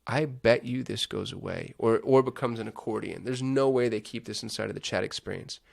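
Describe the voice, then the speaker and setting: A man's voice: lowish voice, a little fast, gravelly. A man hosting a casual screen-share walkthrough on digital marketing, thinking aloud with chatty asides.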